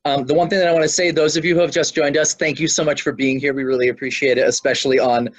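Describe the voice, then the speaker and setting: A man's voice: on the high side, flat delivery, a crowd in the background. A man hosting an online session over a video call, speaking apologetically with light jokes. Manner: apologetic, joking, rapid. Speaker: program host.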